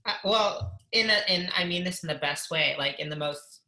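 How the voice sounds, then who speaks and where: Giggly low-voiced woman guest. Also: moderate pace, low-quality recording. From Middle Eastern. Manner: giggly, enthusiastic, animated. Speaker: podcast guest. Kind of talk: casual podcast chat.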